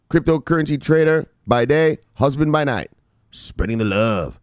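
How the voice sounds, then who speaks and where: A man hosting a casual crypto news live stream, reading out viewer names with loud shout-outs, swearing freely and rambling in a chatty way. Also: medium pitch, moderate pace, clean tone, no echo, clean studio sound. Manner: animated, swears freely, shouts "bang" at each name. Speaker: crypto news show host.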